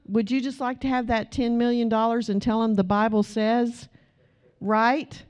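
A woman's voice: a little high, little pitch movement, moderate pace, darkish tone, smooth. A middle-aged woman preaching a sermon in church, emphatic and direct with the congregation. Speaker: pastor.

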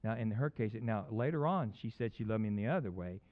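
A male pastor telling a personal story in a sermon, swinging between loud bursts and hushed asides. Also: on the low side, animated, quick pace, dull audio.

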